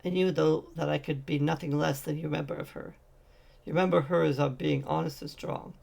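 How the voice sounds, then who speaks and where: A man voicing a young woman conjured by magic from memories, calm and knowing, in a fan audiobook reading. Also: on the high side, a little fast, creaky.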